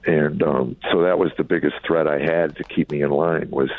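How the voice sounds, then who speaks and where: A man's voice: a bass voice, steady tone, moderate pace, dry recording. A middle-aged comedian from Chicago telling wry, candid stories about his family in an interview. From Chicago, USA. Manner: reflective, wry, acts out family quotes. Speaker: comedian and author, guest. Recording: dry phone-line sound.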